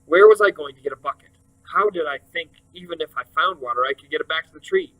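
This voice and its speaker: Bright-voiced man reading a novel aloud. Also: a little high, fast, rough recording. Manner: steady storytelling narration. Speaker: reader.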